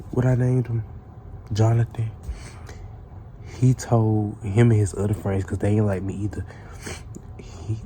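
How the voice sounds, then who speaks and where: A man's voice: lowish voice, dark tone, a little hiss or hum. A man telling a casual storytime tale in a profane, rambling way, full of restarts.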